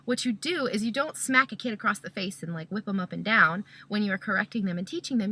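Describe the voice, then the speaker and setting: A woman with a bright, forward voice at a middle pitch gives a casual teaching talk as a Christian parent. She works through her points one step at a time and keeps checking in with "okay?". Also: quick pace, few pauses, slight background noise.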